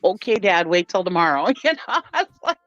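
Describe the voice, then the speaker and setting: A woman's voice: on the low side, very animated, brisk, a bit bright, no echo. Chatty woman telling stories, dry dull sound. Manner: chatty storyteller, laughs often. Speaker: host. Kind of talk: casual livestream chat.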